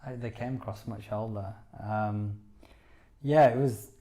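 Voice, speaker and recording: Low mellow man chatting. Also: steady tone, measured pace. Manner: rambling, many "you know"s, enthusiastic. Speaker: podcast co-host. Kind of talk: casual chat.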